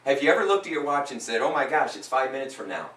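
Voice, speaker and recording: A man's voice: medium pitch, big pitch swings, fast talker, a bit bright. Emphatic man coaching, roomy distant sound. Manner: emphatic, repeats phrases with rising force. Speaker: hypnotist coaching a client. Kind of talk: live coaching session.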